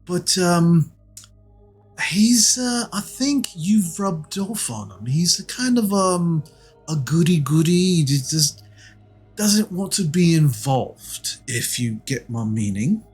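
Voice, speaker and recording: A man's voice: a little high, expressive, slow pace, breathy edge, faint music behind, voice pushed up, full character voice. A man voicing a corrupt male city guard who extorts coin with mock-polite threats. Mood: sneering.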